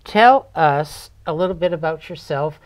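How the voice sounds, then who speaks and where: A woman's voice: low voice, animated, unhurried. A woman hosting a local talk show, chatting with her guest in a folksy, joking way. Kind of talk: casual interview chat.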